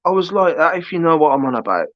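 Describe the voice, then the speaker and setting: This man's voice runs on the high side with big pitch swings and a fast delivery, with no room sound. He's a livestream host rambling through a long anecdote packed with restarts and asides, captured in dull, dry lo-fi stream audio.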